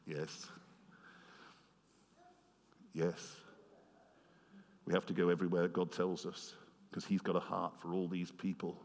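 A man preaching a sermon, retelling a story with animated swings between loud passages and quiet, earnest asides. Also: low voice, unhurried, long pauses. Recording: long hall reverb.

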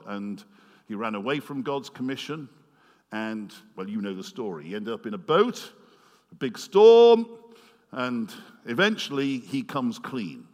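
A man preaching a sermon, retelling a story with animated swings between loud passages and quiet, earnest asides. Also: medium pitch, a little slow. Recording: long hall reverb.

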